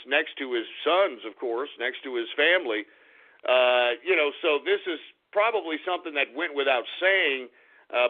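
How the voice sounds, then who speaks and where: A man hosting a radio talk show, ranting in an irate, profane way and swinging between shouts and mutters. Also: a little high. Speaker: radio host. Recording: tinny phone-like radio audio.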